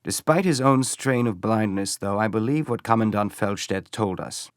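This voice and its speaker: A man voicing a calm, courteous and methodical police inspector in an audiobook. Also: on the low side, normal speed, no echo, studio quality, lightly acted. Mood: deliberate.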